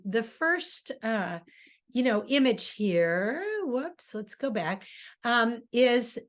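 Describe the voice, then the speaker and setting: Older woman, theater director lecturing, thoughtful, many ums and uhs, quoted lines acted out with sudden pitch jumps. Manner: thoughtful, with frequent fillers and restarts. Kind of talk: informal classroom lecture.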